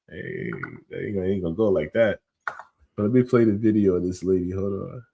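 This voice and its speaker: A man hosting a podcast, telling an animated story in a casual, slangy way with lots of fillers. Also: low-pitched, normal speed, vocal fry. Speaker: podcast host.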